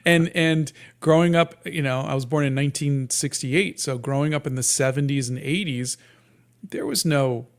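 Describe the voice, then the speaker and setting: A man in his fifties, a guest cartoonist talking casually in an interview, in a soft, sleepy-sounding voice with many halting restarts and fillers. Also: fairly high pitch. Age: 50s.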